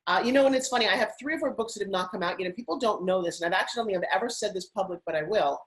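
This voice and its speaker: A middle-aged woman guest telling stories in an interview, animated and putting on voices now and then. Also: mid-range voice, very fast, low-quality recording. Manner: animated, acts out her kids' voices. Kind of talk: interview storytelling.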